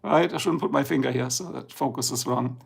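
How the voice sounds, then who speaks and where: A man's voice: medium pitch, fairly quick, vocal fry, slightly rough. A middle-aged man with a German accent, chatting casually and rambling on a livestream, just woken up. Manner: chatty, rambling, switches between English and German. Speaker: livestream host.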